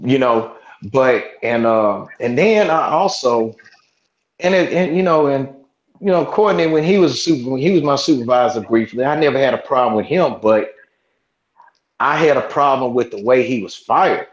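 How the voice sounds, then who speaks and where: A man's voice: mid-range voice, normal speed. A man in his forties, a podcast host, telling a story in casual chat, rambling with lots of restarts and cursing. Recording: roomy, dull lo-fi sound.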